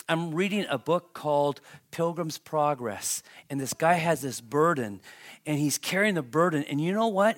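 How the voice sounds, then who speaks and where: A male pastor delivering a sermon in a church, his voice sitting a little high for a man. He talks to the congregation conversationally, then lifts into emphatic, animated stretches. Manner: conversational preaching, rising to emphatic, animated asides.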